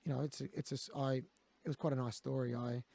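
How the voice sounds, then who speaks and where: Fast, gravelly Australian man. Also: mid-range voice, flat delivery, warm tone. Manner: blunt, swears, quotes others. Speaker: guest. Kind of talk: candid conversational storytelling.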